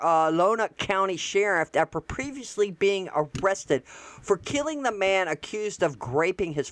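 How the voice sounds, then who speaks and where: A woman's voice: on the low side, dry recording. Blunt folksy woman host, dry sound. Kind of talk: casual political commentary.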